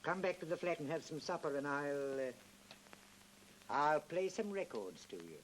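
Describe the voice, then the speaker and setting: An actor playing a coaxing stage-door charmer. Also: male voice, on the high side, expressive, moderate pace, natural voice, rough recording. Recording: faintly hissy 1930s film soundtrack.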